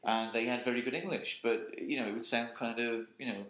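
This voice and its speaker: A man's voice: medium pitch, fairly even intonation, a little fast, fairly bright tone. A man co-hosting a podcast in casual chat, jokey, laughing often and swearing. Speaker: podcast co-host. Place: apartment. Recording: echoey room.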